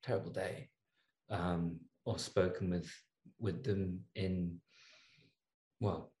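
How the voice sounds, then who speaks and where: A man playing a tabletop game, thoughtfully describing his character's feelings with pauses and fillers. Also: sits low, steady tone, mellow, echoey room. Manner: slow, thoughtful, hesitant with fillers. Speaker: player.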